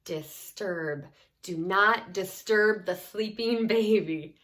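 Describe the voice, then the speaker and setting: Slow, patient woman teaching phonics. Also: medium pitch, animated, fairly bright tone. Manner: slow, clear, encouraging teacher talk with sounded-out words. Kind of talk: phonics lesson for children.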